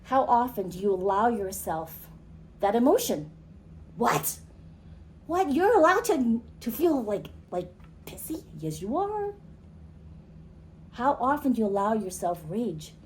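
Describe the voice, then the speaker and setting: A woman's voice: fairly high pitch, very animated, unhurried, pauses often, slight background noise. A woman hosts her own podcast and talks in a casual, conversational way, often asking her audience questions. She also leads a guided exercise, prompting the group through smell, taste, hearing and feeling. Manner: chatty, asks the listener questions. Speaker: podcast host. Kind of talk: casual chat and recorded workshop talk.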